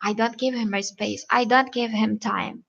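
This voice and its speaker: A woman relationship coach giving earnest advice in a halting, repetitive vlog manner. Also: on the high side, fairly even intonation, gravelly, dull audio.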